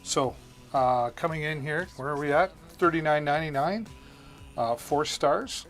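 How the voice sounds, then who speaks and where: Man, live-stream shopping host, chatty, friendly greetings, a bit high voice, light music behind. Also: unhurried, fairly bright tone. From Canada. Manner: upbeat, chatty, greets viewers by name. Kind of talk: live-stream product demo and viewer chat.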